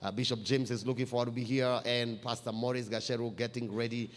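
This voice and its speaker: A man, a church pastor preaching a sermon, climbing louder and higher as he reads scripture. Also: steady tone, quick pace. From Kenya. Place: church hall. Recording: long hall reverb.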